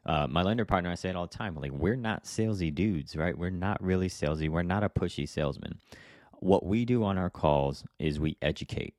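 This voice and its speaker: A man's voice: low voice, fairly quick, darkish tone, no echo, clean studio sound. A young man hosting a solo podcast, talking casually in a rambling, chatty way with lots of "right?" and restarts. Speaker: podcast host, real estate agent.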